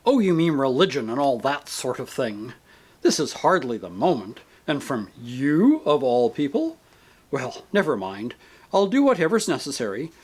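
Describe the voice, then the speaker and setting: A man voicing a grieving woman ghost, a possessive mother who talks in a sharp, demanding, indignant way, for a storybook reading. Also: mid-range voice, very animated, moderate pace, husky. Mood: sharp, impatient. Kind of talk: audiobook character reading.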